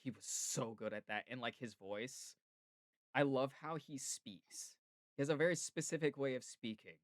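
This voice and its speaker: A man's voice: mid-range voice, moderate pace, no echo. Chatty male podcast host, enthusiastic, filler-heavy, dry close sound. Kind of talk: casual chat.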